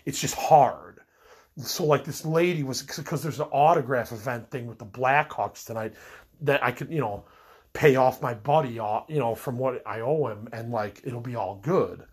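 Husky, fed-up man venting. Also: mid-range voice, moderate pace. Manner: rambling, frustrated, venting with many fillers. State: sick with a cold. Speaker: podcast host. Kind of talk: casual personal monologue.

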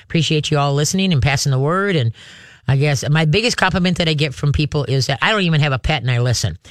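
A man hosting a call-in radio show, giving dog training advice in a chatty, halting way, often acting out voices of dogs and owners. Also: a little high, fairly bright tone, no echo, clean studio sound.

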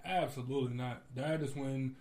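Speaking at a normal speed in a mid-range voice, an Ohio man spins stories during a casual chat. He's animated, laughs frequently and imitates what people said.

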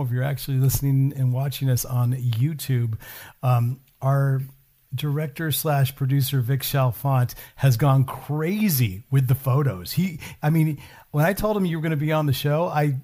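A man's voice: medium pitch, normal speed, darkish tone. A man hosting a podcast, chatting casually and often restarting his sentences. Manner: friendly, stammering restarts. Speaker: podcast host. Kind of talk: casual chat.

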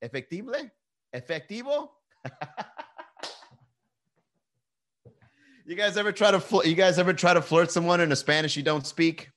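A man with a slightly high, somewhat bright voice talks fast with few pauses, hosting a casual comedy podcast that plays like a live-stream chat. He riffs loosely, jokes, swears freely, restarts easily, and reads viewer messages aloud with asides to the chat. Slight background noise is audible.

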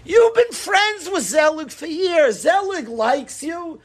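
A man's voice: very high voice, expressive, takes it slowly, voice pushed up, heavily acted. A man voicing a pious father who brushes off his son's feelings with stock answers. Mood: preachy. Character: preachy, pious father lecturing his son.

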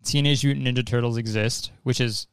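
A man's voice: mid-range voice, steady tone, fairly quick, a little hiss or hum. A young man hosting a casual trailer reaction, rambling and joking with swearing. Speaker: host.

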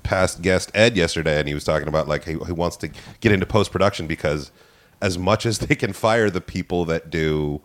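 Deep-voiced man on a podcast with hesitant, stop-start delivery. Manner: halting, hesitant, restarts sentences. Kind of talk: casual chat.

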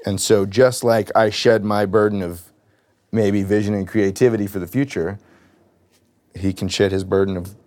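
A man's voice: lowish voice, fairly even intonation, moderate pace, a little mellow. A man in his thirties, a business cofounder, talking candidly and reflectively, often hesitating as he retells conversations. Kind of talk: candid conversation in a therapy session.

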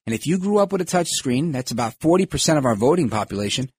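A man's voice: medium pitch, very animated, fast, darkish tone, husky, no echo, studio quality. A man hosting a podcast, giving emphatic political commentary and acting out quoted voices. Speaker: podcast host.

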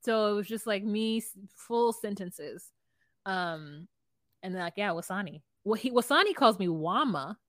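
A woman's voice: mid-range voice, lively intonation, measured pace, a bit bright, no room sound, studio quality. A woman co-hosting a podcast in casual chat, opinionated and telling stories. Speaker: podcast co-host.

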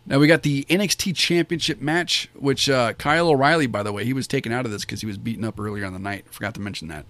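A man's voice: mid-range voice, fast, a bit bright. A man giving a casual spoken review of a wrestling show, rambling and enthusiastic, with many fillers and restarts.

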